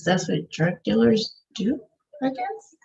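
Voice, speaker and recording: A woman's voice: a little high, sing-song, takes it slowly, creaky, darkish tone, far from the mic. A woman co-host adding brief dry remarks in casual chat. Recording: dull, off-mic.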